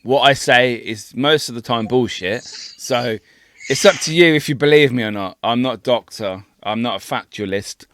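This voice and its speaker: A man's voice: mid-range voice, normal speed, fairly bright tone, no echo. A man co-hosting a podcast in casual banter. He is blunt and sweary and laughs easily. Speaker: podcast co-host.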